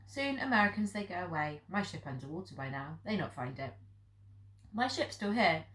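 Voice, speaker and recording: A woman's voice: lowish voice, sing-song, moderate pace, fairly bright tone. A woman reading the part of an old Japanese hermit man who speaks in blunt, clipped broken English, recorded in an echoey room. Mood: grave.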